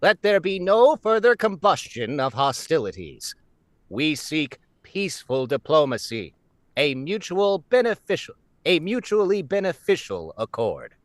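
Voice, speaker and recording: A man's voice: a little high, very animated, a little slow, no echo. A man voicing a formal male alien admiral in a game, speaking in a stiff, stately way.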